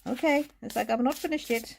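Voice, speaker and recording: A woman giving a live-streamed oracle card reading, speaking gently and haltingly, moved to emotion and laughing often. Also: a little high, vocal fry, a little hiss or hum. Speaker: tarot and oracle card reader. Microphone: streaming mic.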